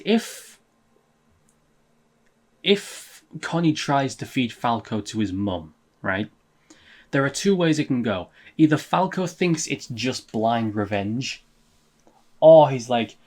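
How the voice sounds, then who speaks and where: A man reading a manga chapter aloud and reacting casually, swearing and laughing often, and getting louder and higher when amused. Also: very animated, slow, long pauses.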